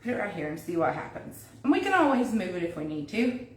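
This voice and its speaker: A woman's voice: medium pitch, big pitch swings, fast. A woman hosting a casual live craft demo from her home kitchen, chatting to viewers and thinking aloud as she works. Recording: echoey room, mic at a distance, faint noise.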